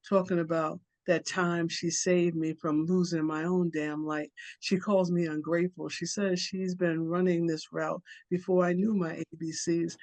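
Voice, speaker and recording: A woman's voice: on the low side, a little mellow. A woman reads her poem aloud at an open mic. Her delivery is rhythmic and conversational, like telling a story. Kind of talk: poetry reading.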